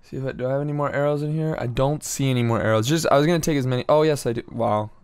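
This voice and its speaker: Guy rambling thru game commentary, slangy, gets frustrated easy, smooth clear voice. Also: medium pitch, racing, darkish tone. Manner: slangy, easily frustrated, talks to himself while playing. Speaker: gameplay commentator.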